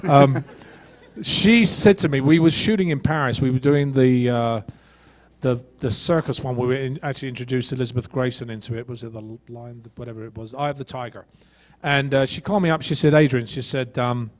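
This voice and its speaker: A man's voice: a little high, fairly quick. A middle-aged man, an actor on a convention panel, telling stories and acting out quoted dialogue. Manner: animated storyteller who acts out quoted dialogue.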